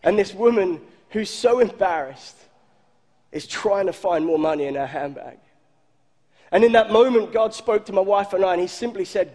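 A male pastor preaching a sermon, telling a story and slowing down low for emphasis. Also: a little mellow. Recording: long hall reverb.

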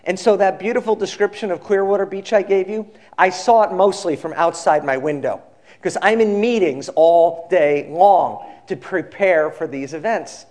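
A male pastor giving a sermon, telling a story in a relaxed conversational way and acting out the quoted people. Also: sits high, normal speed.

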